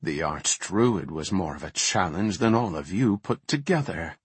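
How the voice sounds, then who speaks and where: A man voicing a cold, vengeful female warden who speaks calmly and with contempt. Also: low-pitched, measured pace, slightly rough, dry recording, heavily acted. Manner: calm, contemptuous.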